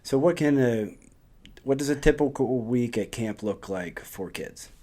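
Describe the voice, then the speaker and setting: A man's voice: mid-range voice, unhurried, dark tone. A man in his forties hosting a podcast, friendly and affirming, with frequent ums. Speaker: podcast host. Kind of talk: casual interview chat.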